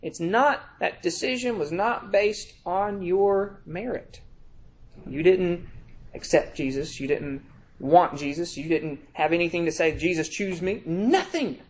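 A man preaching a sermon in a conversational way, checking in with his listeners and reading scripture slowly with heavy emphasis. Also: sits high, lively intonation. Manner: reads scripture aloud in slow, drawn-out emphasis; conversational, checks in with "all right?".

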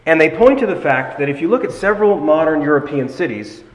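A man preaching an expository sermon, deliberate and emphatic, slowing down to stress key phrases. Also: on the high side, expressive. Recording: long hall reverb.

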